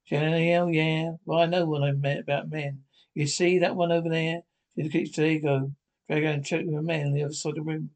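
A man with a slightly higher voice narrates a TV episode's plot in an informal, halting way. He stumbles, restarts phrases, and tosses in offhand asides as he reads out the dialogue. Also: flat delivery. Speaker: reader retelling a TV episode.

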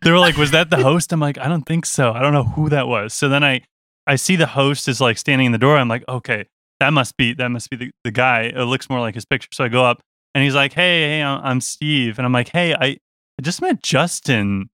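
Young guy, bright clear voice, dry close sound, telling a story with lots of laughs and little voices. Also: mid-range voice, a little fast, no room sound. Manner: animated, laughing, quotes people in voices. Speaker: touring musician guest. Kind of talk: casual storytelling.

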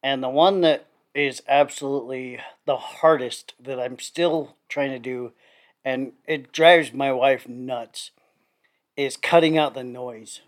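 A man's voice: mid-range voice, fairly even intonation, slow pace. A middle-aged man in casual podcast chat, blunt and profane, laughing often between remarks. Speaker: podcast co-host.

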